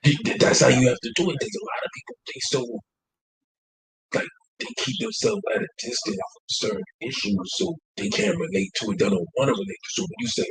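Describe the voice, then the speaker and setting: A man co-hosts a casual podcast and talks with a lot of swing in his pitch. His voice is slightly husky, and he acts out the people he quotes with loose, profane energy. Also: big pitch swings, fairly quick, low-quality recording. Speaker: podcast co-host.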